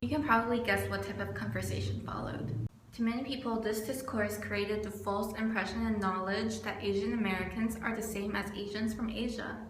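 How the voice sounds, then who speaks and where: A young woman from California, a student narrating her video essay from a script, earnest and steady. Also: mid-range voice, a little fast. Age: young adult. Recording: roomy with faint background noise.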